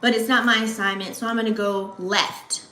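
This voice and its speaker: Bright-voiced woman giving a slangy astrology reading. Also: mid-range voice, steady tone, normal speed, slight background noise. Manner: slangy, chatty, addresses viewers directly. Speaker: astrology channel host. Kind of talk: casual astrology reading to camera. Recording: echoey room.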